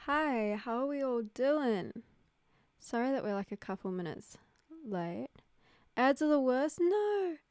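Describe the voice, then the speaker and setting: A young woman hosts a casual livestream from a room at home, speaking into a desk mic without headphones. Her voice sits on the high side, darkish, clear and resonant, with studio-quality sound and no echo. She's chatty and giggly, peppering her speech with "like."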